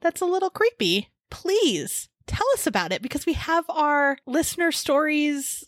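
A woman's voice: high voice, animated, normal speed, no room sound, studio quality. A young woman co-hosting a podcast, reading history notes with casual asides and frequent laughs. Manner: chatty, laughs often, reads notes with asides. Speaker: podcast co-host. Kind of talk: casual chat and read history.

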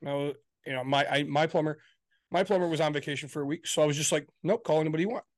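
A man's voice: on the high side, very fast, no echo. A man co-hosting a podcast, venting in casual chat with frequent swearing and acted-out quotes of his family. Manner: venting, profane, exasperated; acts out quoted exchanges. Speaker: podcast co-host.

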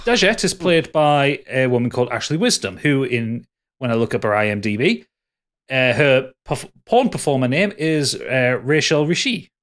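Co-hosting a casual podcast, this man recaps a bad film in a sweary, exasperated manner, restarting his sentences often. His medium-pitched voice is fairly bright, with lively intonation and a moderate pace.

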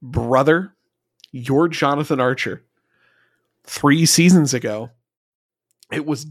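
A man's voice: mid-range voice, slow, pauses often, dry recording, studio quality. A man co-hosting a podcast, chatting casually and with animation, swearing and slipping into mocking impressions. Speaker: podcast co-host. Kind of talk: casual review chat.

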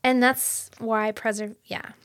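Woman, podcast co-host, eager casual chat, jumps in, higher pitch. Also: steady tone, slow pace. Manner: chatty, jumps in to finish thoughts. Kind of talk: casual book-club chat.

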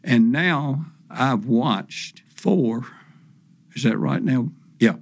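An older man, a professional fisherman as podcast guest, telling folksy stories slowly with plenty of fillers and acted-out quotes. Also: medium pitch, expressive, gravelly, dry recording. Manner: folksy, unhurried, many fillers, acts out quotes. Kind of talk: casual storytelling interview.

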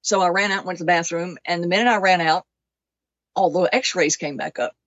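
A woman guest tells her own story in an animated way, putting on the voices of the people in it and sometimes coming close to tears. The sound is dull and lo-fi, with a dry, close feel. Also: lowish voice, brisk, dry recording. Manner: animated, acts out other people's lines; emotional, close to tears at times. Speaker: interview guest. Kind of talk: personal storytelling in conversation.

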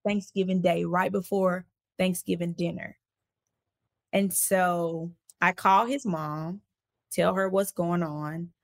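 A woman speaks as a guest on an interview show. Her voice sits fairly low with a rough, gravelly edge, and her delivery stays casual and conversational. She tells a personal story with energy, slipping into the voices of the people in it. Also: slow. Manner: animated, acts out quoted voices while recounting events.

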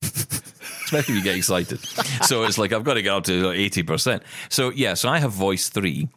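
A man's voice: on the low side, normal speed, no room sound. A man with a Scottish accent, co-hosting a podcast in casual, enthusiastic chat about tech, often correcting himself mid-sentence. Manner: animated, enthusiastic, self-correcting. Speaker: podcast co-host.

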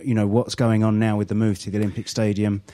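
A man who wrote a book on the club history, recounting club history in a measured, factual way. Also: lowish voice, flat delivery, dark tone. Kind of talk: casual chat about football.

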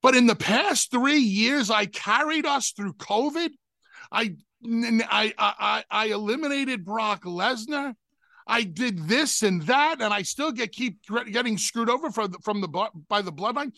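A wronged wrestler , as a man acts him out, poses sarcastic questions to the crowd. He speaks slowly and pointedly, and the sound is dry and close. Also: very high voice, vocal fry, sharp tone, dry recording, full character voice. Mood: accusing. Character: aggrieved male pro wrestler questioning the crowd.

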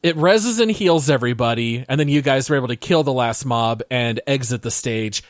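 A man co-hosting a gaming podcast, telling a game story in a relaxed, detailed way. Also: medium pitch, fairly quick, no echo, clean studio sound. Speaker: podcast co-host. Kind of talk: casual gaming podcast chat.

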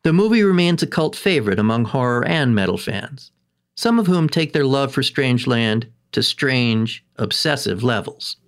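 A man hosting a documentary episode, reading a script in a measured, even way. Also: medium pitch. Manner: measured, even storytelling delivery. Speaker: documentary host. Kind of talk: scripted narration.

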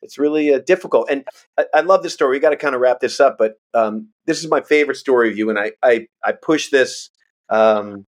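A man's voice: medium pitch, fairly quick. Male podcast co-host, enthusiastic, rambling, casual chat.

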